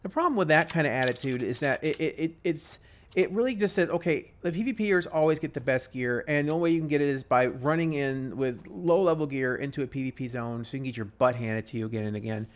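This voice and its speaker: A man hosting a casual gaming chat while he plays, rambling and full of restarts and animated complaints. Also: medium pitch, fast talker. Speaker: gaming podcast host.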